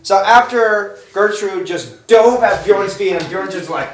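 A game master narrating a tabletop game in an animated, filler-heavy way, recorded in a roomy space away from the mic. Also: medium pitch, a little slow, faint music behind. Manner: animated, lots of fillers, laughs while narrating. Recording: roomy room, far from the mic.

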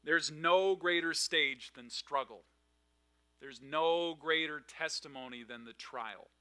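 A male pastor delivers a sermon in a high, piercing, brilliantly bright voice. He rises to loud, emphatic declarations, then falls back to soft, hushed asides. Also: slow.

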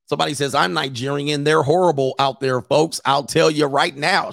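A man with a fairly high, gravelly voice hosts a casual reaction commentary. He jokes and exclaims as he works through a list. The sound is close and dry. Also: steady tone, moderate pace, a bit bright, dry recording. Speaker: commentary show host.

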